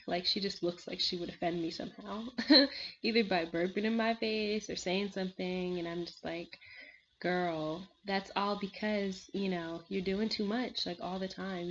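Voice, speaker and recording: Sitting at home, a woman reviews a reality show in a rambling, casual chat full of fillers, often laughing and sighing. Her voice is lowish with a fairly bright tone, captured on a slightly dull lo-fi recording with a little hiss or hum.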